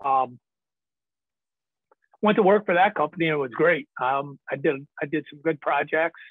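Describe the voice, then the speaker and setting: A man's voice: on the high side, moderate pace, no echo. A man from the northern United States, a podcast guest telling rambling stories in casual talk, often chuckling and swearing. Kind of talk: casual storytelling. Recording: tinny phone-like dry line.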